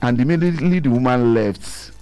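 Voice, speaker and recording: A man with a Nigerian accent, co-hosting a radio chat and telling an animated story, laughing often and acting out voices. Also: mid-range voice, a little fast, smooth, dry recording. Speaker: radio co-host.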